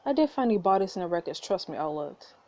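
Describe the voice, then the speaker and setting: A woman's voice: lowish voice, very animated, quick pace, darkish tone, poor audio. A woman voicing a guarded young man, the twin brother, speaking bluntly and warily as she reads a story game aloud. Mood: wary.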